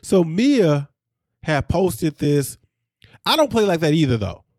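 A man co-hosting a podcast in casual chat, animated and jokey. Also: a little high, no room sound, clean studio sound. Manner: animated, jokey, quick asides. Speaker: podcast co-host.

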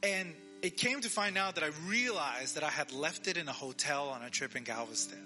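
A man's voice: fairly high pitch, animated, a little fast, sharp tone, faint music behind. A man preaching a sermon as pastor, telling a story and acting out the quoted lines, asking listeners to repeat after him. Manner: asks the audience to repeat.

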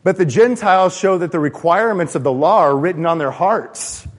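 Guy preaching in a church, lively sermon, kinda high voice, echo hanging in the hall. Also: fairly quick. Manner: animated, acts out voices of people he quotes. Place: church sanctuary. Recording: long church-hall reverb.

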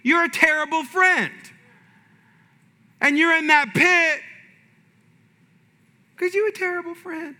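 A man preaching a sermon, animated and shifting from loud punches to hushed asides. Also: very high voice, slow, long pauses. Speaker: pastor. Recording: reverberant hall.

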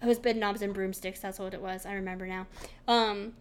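A woman co-hosting a podcast in casual chat, telling animated stories and acting out other people's voices with big jumps in pitch. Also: a little fast, smooth. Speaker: podcast co-host.

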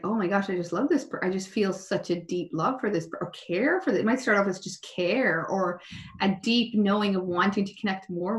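An earnest woman therapist talks as a podcast guest over a remote call. Her animated voice sounds roomy and echoey, and it sits at a middling pitch. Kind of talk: heartfelt conversational chat. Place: home in Ireland. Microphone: remote call recording.

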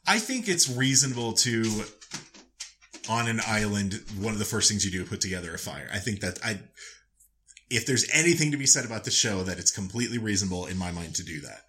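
A man with a low, bright, forceful voice chatting casually as a podcast co-host. He rambles wryly and swears freely as he picks apart a show. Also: lively intonation, brisk. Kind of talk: casual chat recapping a TV show.

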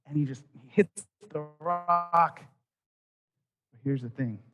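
A man in his thirties preaching a sermon, telling a story with quoted voices and dropping soft at key points. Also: on the high side, a little slow, husky, soft background music. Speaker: pastor.

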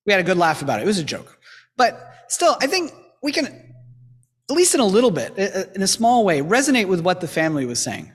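A man's voice: high-pitched, big pitch swings, fairly quick, breathy edge. A man preaching a sermon as a pastor, earnest and exhorting, with lightly humorous asides, in a church. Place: church sanctuary. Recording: long church reverb.

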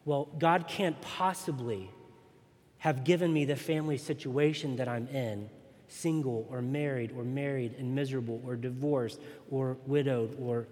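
A man's voice: mid-range voice, steady tone, moderate pace, darkish tone. A man preaching a sermon as pastor, earnest and emphatic. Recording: long reverb in a large hall.

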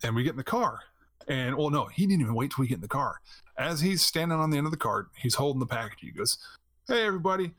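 Animated man telling stories on a podcast. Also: medium pitch, quick pace, no echo. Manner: animated storyteller, laughs often, acts out quotes. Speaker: podcast host. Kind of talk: casual chat.

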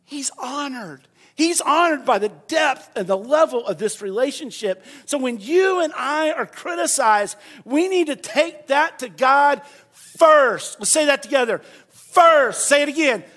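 High-voiced man preaching with fiery energy. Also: animated, measured pace. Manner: builds from quiet storytelling to loud, shouted preaching; leads the congregation in repeating phrases. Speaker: pastor. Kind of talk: sermon with call-and-response.

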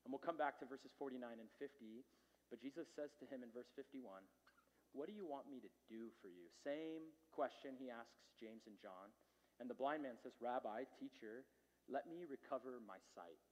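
A man's voice: medium pitch, moderate pace. Man preaching in a reverberant hall. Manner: conversational, with fillers and dramatic swings in loudness. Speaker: pastor. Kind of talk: sermon.

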